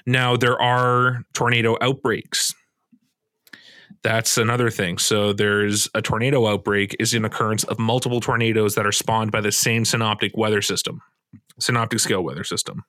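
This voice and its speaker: A man co-hosting a casual podcast chat, talking in a relaxed, joking way. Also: lowish voice, normal speed, no room sound, clean studio sound. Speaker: podcast co-host.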